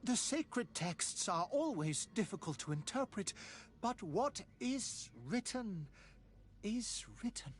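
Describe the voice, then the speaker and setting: A woman's voice: mid-range voice, sing-song, takes it slowly. A woman voicing a persecuted female scholar in video game dialogue, grave and resigned.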